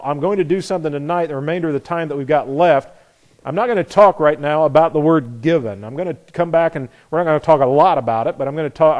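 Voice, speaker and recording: A man's voice: on the high side, a little mellow. A man preaching a sermon to his assembly in a conversational teaching manner, explaining words and sometimes spelling them out letter by letter. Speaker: pastor.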